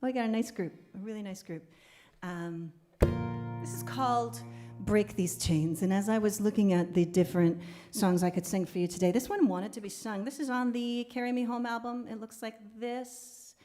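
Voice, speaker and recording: Faint music plays behind a woman with a dark, medium-pitched voice as she hosts an online concert live. Between songs she reads comments from viewers, chatting breezily, laughing often, and talking fast whenever she rambles.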